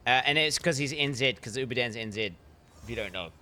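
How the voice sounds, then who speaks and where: A man in his thirties with a bright, forceful, medium-pitched voice talks briskly while streaming a game. His casual chat with viewers is loose and joking, and he swears constantly.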